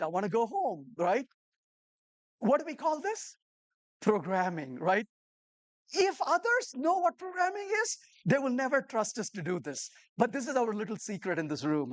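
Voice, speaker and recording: A woman's voice: medium pitch, normal speed. A woman giving a live talk to a room of developers, telling stories and asking the audience rhetorical questions. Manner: animated storyteller who acts out conversations. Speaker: conference speaker.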